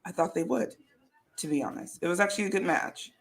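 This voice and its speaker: Chatty woman co-hosting, lower voice. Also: brisk, gravelly. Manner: relaxed, lots of fillers like um and uh. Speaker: podcast co-host. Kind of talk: casual chat.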